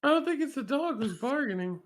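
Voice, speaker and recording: A man's voice: very high voice, animated, fairly quick. A man playing a tabletop game, talking in a drawling, playful way. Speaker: player. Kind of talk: casual tabletop play.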